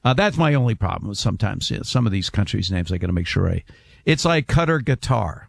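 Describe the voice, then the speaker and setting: A man's voice: deep voice, animated, quick pace, vocal fry, no echo, clean studio sound. A middle-aged man co-hosting a radio show, chatting casually and explaining sports facts. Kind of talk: casual talk radio chat.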